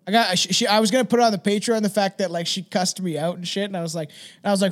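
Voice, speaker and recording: A man's voice: high-pitched, fairly even intonation, fast talker. A man hosting a podcast, telling a rambling, profane story in casual chat and laughing as he talks. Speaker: podcast host.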